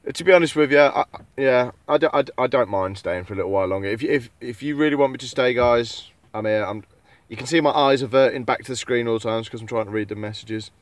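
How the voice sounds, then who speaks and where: A man's voice: mid-range voice, fast, few pauses, no room sound. Coughing man streaming live. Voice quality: laughs often, swears casually. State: coughing fits. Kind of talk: casual live stream chat.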